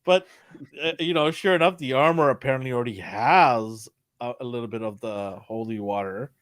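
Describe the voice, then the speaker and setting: A man's voice: mid-range voice, brisk, no room sound, clean studio sound. A man co-hosting a casual podcast chat, laughing often and acting out scenes in playful voices. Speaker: podcast co-host.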